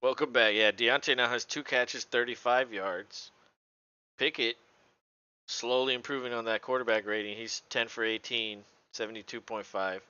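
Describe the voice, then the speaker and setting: A man casually calling a football game play by play, relaxed, laughing often and swearing freely. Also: medium pitch, moderate pace, clean tone, no echo, muffled recording. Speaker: co-host doing play-by-play.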